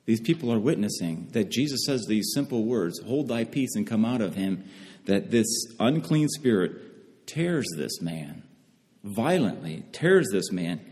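Earnest preacher in a reverberant hall. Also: male voice, lowish voice, darkish tone. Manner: earnest, repeats phrases for emphasis. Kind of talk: sermon.

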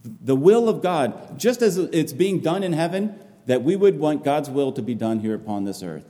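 A man's voice: on the high side, sing-song, normal speed, warm tone. Man preaching in an echoing hall. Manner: impassioned, repeats phrases for emphasis. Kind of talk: sermon. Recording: long reverb of a large hall.

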